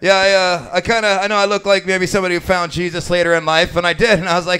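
A man's voice: high-pitched, fairly even intonation, fast, few pauses, bright, forceful tone, clear, resonant tone. A man in his late forties from Alaska doing a live stand-up set at a brewery bar, telling crude, profane, self-mocking jokes. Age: late 40s. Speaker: stand-up comedian.

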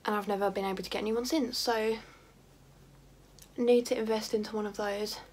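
A woman's voice: medium pitch, fairly even intonation, a little fast, a little mellow, a little hiss or hum. A teenage girl talking casually through her makeup routine, chatty and self-mocking, drifting into rambling asides. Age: teens. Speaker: beauty vlogger. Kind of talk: casual makeup tutorial chat.

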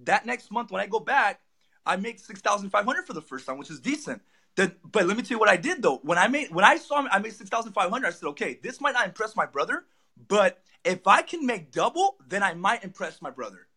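A young man tells his story at a rapid clip. His voice sits high and bright, and he acts out each quoted line with excitement. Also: slightly rough. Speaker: guest. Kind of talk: animated storytelling.

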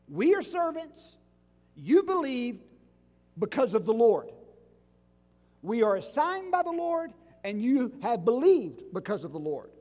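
A male pastor with a strikingly high, lively voice preaches slowly and deliberately, pressing his congregation with rhetorical questions. His voice rings out with a long reverb from the sanctuary. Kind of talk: sermon.

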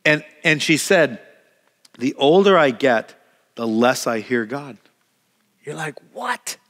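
A man's voice: mid-range voice, expressive, takes it slowly, a bit bright. A man preaching a sermon as pastor, talking in a conversational way, repeating words as he restarts and acting out quoted prayers. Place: church hall. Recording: long reverb of a church hall.

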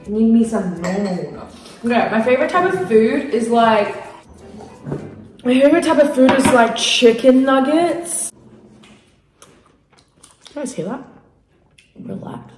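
A woman's voice: on the high side, expressive, moderate pace, pauses often, a little mellow. Bubbly chatty young woman vlogging at home. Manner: bubbly, chatty, playful asides. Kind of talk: casual vlog talk to camera. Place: at home, small rooms. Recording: echoey home room with music.

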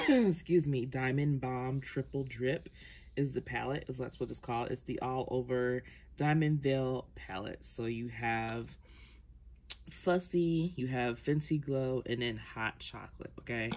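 A woman's voice: extremely low pitch, unhurried, darkish tone. A woman vlogger chatting casually through her makeup collection, rambling with ums and self-corrections. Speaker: beauty vlogger.

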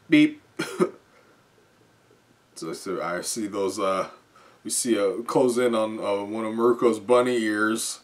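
Dude reacting to a comic chapter live, slow talker, laughs a lot, lots of ums. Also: male voice, fairly low pitch. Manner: chuckling often, halting with fillers. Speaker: comic reviewer.

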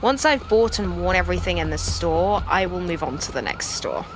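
A woman giving playful, excitable commentary over her video game playthrough. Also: lowish voice, normal speed, noisy background. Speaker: gameplay streamer. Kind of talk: casual gameplay commentary.

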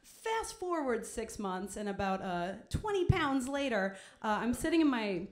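Young woman on stage telling a funny story about herself, bit high voice, says like a lot. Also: sing-song, a little slow. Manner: chatty, self-mocking, many "like"s. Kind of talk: live comedic storytelling.

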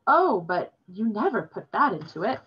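A woman reading aloud voices an earnest young boy who struggles for words in broken English, halting but insistent. The voice is pitched a bit higher and is husky and breathy. The audio is dull and lo-fi. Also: very animated. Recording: dull lo-fi recording.

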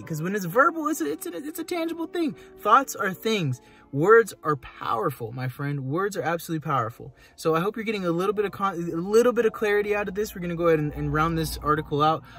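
A man's voice: fairly high pitch, big pitch swings, fast, pushed and bright, faint music behind. A young man hosting an advice video, reading a post aloud and answering it with a fired-up motivational pep talk, calling the listener brother and man. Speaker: host. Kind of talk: reading and reacting to a forum post.

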